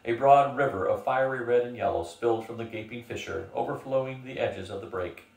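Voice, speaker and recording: Older male reader, steady storyteller. Roomy, distant mic. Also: mid-range voice, a little fast, gravelly. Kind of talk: reading a novel aloud.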